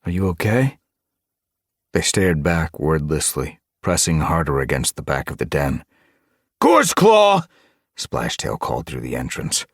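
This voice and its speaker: A man narrating an audiobook with expressive, dramatic storytelling. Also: a bass voice, normal speed, hardly any pauses, dry recording, clean studio sound. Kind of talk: scripted narration.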